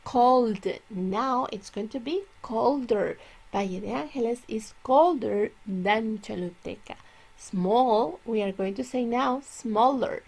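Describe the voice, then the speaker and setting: A woman teaching English grammar, explaining slowly and stretching out her example words. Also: fairly high pitch, vocal fry, darkish tone. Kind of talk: classroom grammar lesson.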